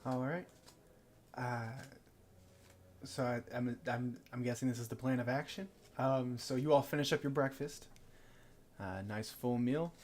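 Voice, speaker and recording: A man narrating as game master of a tabletop game, talking in a halting way with many pauses. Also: medium pitch, steady tone, darkish tone, a little hiss or hum. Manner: halting, full of fillers and restarts.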